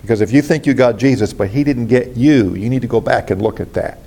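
A man's voice: mid-range voice, a little fast, warm tone. A man pastor preaching a sermon, earnest and preacherly, addressing the congregation directly.

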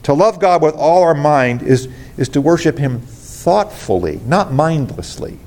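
A man's voice: fairly high pitch, animated, measured pace, darkish tone. A man pastor preaching a sermon, earnest and preacherly, addressing the congregation directly.

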